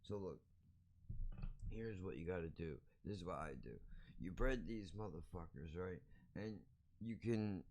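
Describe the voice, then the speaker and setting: Deep-voiced profane ranting man. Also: a little slow, long pauses, darkish tone. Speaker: podcast host. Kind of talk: casual ranting monologue.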